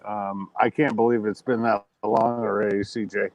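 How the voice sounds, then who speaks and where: A man's voice: on the low side, level tone, moderate pace, no room sound, low-quality recording. A married man on a casual livestream, thanking the hosts and offering help.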